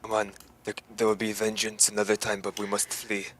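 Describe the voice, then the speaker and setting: Brief: Scottish-accented kobold warrior, voiced by a man, urgent, a bit low and stumbling. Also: completely flat delivery, a little fast, fairly bright tone, slight background noise, natural voice. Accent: Scottish, put on. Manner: earnest, urgent, with slips and restarts.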